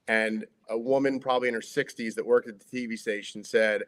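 A man's voice: mid-range voice, steady tone, a little fast, hardly any pauses. A middle-aged man, a former sports broadcaster, talking casually as an interview guest, full of fillers and restarts. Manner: chatty, many fillers and restarts.

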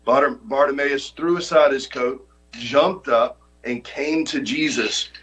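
A man's voice: medium pitch, unhurried, sharp tone, poor audio. A man preaching a sermon as pastor, reading scripture with dramatic rises and repeating his key lines for emphasis.

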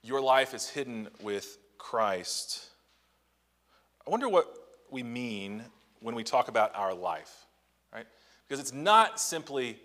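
A man preaching a sermon in a church on a Sunday morning, talking conversationally and asking rhetorical questions, slowing down to stress key phrases. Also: medium pitch, fairly bright tone, in a large hall. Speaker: pastor. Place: church sanctuary.

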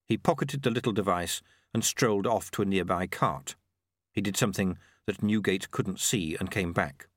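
An audiobook narrator reads a novel aloud in an expressive, storytelling style. His voice is lowish at a normal speed, captured as clean studio sound with no room tone.

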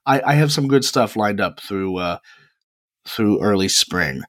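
Male, 20s, solo podcast host: lowish voice, relaxed rambling chat with lots of pauses, dry close-mic sound. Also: no room sound. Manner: chatty and rambling, with frequent pauses. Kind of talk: casual solo podcast monologue.

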